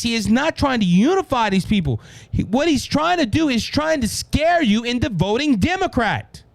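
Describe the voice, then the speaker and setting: A man with a Cajun Louisiana accent hosting a solo political show, emphatic and repeating "ladies and gentlemen" with frequent restarts. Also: very high voice, no echo. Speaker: political podcast host.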